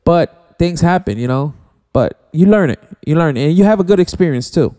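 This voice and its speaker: A man in a casual studio chat, his voice mellow and smooth, sitting a touch higher than most men. He speaks haltingly, circling back with restarts and filler as he recalls his DJ years. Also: lively intonation. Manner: halting, many restarts and "you know". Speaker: guest DJ. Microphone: studio mic.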